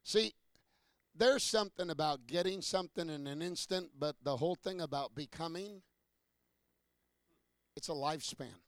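Man preaching, high gravelly voice, dry close sound, rising to shouts, questioning the crowd. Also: moderate pace, pauses often, no echo. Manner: building from low talk to shouting peaks; calls and questions to the congregation. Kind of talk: sermon.

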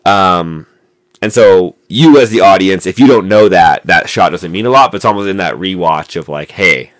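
Deep-voiced man rambling about films. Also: normal speed. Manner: rambling, many fillers and restarts. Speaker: podcast co-host. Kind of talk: casual movie podcast chat. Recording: noisy amateur mic recording.

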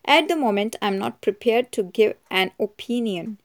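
A woman voicing a calm, shrewd older male judge who murmurs quietly, in a storybook reading. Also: medium pitch, normal speed, lightly acted. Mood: dry.

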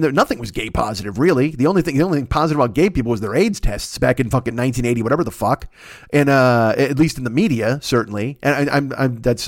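A man talks fast and loose, cursing his way through a comic rant, tripping over his words and restarting. His voice sits mid-range, and the mic is close and dry. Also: mid-range voice, no echo. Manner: rambling, self-interrupting, swears constantly. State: recovering from a cold. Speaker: podcast host. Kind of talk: profane comedic monologue.

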